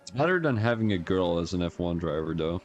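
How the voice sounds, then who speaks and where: A man's voice: low voice, very animated, fairly quick, muffled recording. A man with a Belgian accent giving rambling, joking, self-mocking commentary on a live-streamed sim racing league.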